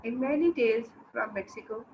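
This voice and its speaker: A woman teacher giving an online English lesson to young children. She explains slowly, repeats words and asks the class questions. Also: fairly high pitch, a little mellow. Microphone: video lesson mic. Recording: dull lo-fi with faint noise.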